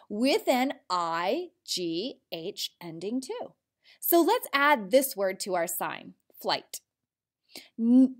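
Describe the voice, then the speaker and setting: Slow, lively-voiced woman teacher. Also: on the high side. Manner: clear, encouraging classroom delivery, spelling out letters. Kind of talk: recorded spelling mini lesson.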